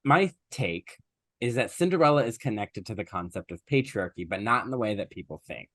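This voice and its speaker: A man's voice: fairly low pitch, expressive, brisk, fairly bright tone, no room sound, studio quality. A man co-hosting a podcast, retelling an old story in a casual, chatty way with plenty of fillers and asides. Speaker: podcast co-host.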